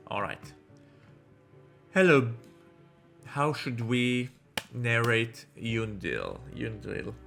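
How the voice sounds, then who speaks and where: A man's voice: mid-range voice, creaky, sharp tone. Chatty man commenting on a game. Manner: chatty, reads the game's dialogue aloud in voices. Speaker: let's play host.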